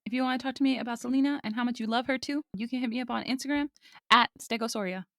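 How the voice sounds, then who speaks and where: A woman's voice: a little high, rapid-fire, creaky, fairly bright tone, no room sound, studio quality. A woman co-hosting a movie podcast, chatting enthusiastically and expressively. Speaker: podcast co-host. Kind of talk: casual chat.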